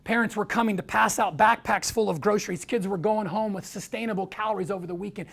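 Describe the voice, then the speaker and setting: An American man giving an inspirational talk, with a gravelly edge in his voice. He tells stories and acts out the lines of the people in them. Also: high-pitched, fairly even intonation, fast, a bit bright. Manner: storytelling, acts out quoted voices. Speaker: speaker.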